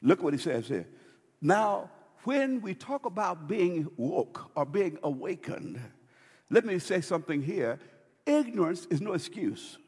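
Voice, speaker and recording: A man preaching a sermon as pastor, swinging between loud and hushed with dramatic pauses. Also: high voice, very animated, slightly rough, in a large hall.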